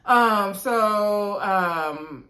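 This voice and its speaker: A woman vlogger walks her viewers through a reality show episode in a chatty, animated way. Her voice sits at a medium pitch. The recording has a noticeable roomy echo. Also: drawn-out words. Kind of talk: casual recap chat.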